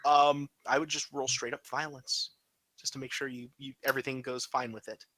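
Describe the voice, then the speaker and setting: Male game master, bright voice, relaxed and halting. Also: medium pitch, low-quality recording. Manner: relaxed, hesitant with fillers. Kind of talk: narrating a tabletop game.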